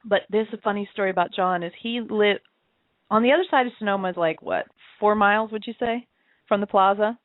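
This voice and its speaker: Medium-pitched and quick, a woman co-host of an internet radio show chats casually, telling stories reflectively and laughing frequently. The recording has no echo and a tinny phone-line quality.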